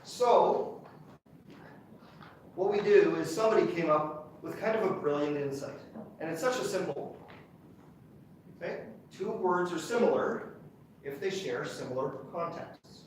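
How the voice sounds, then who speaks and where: A university lecturer explains ideas in a chatty, enthusiastic way, often checking in with his class. His voice sits a little high for a man. He is heard from a distance in a very echoey hall with a faint hum behind him. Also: animated, a little slow, long pauses.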